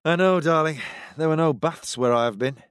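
A man voicing a weary soldier husband who talks to his wife and daughter in a placating, gentle way. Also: on the high side, normal speed, clean tone, no echo, studio quality, pitched above the performer's own voice, natural voice.

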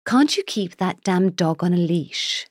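A woman's voice: lowish voice, animated, unhurried, dry recording, clean studio sound. A woman voicing a quarrelsome young girl who defends her cat in a storybook reading. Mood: scolding.

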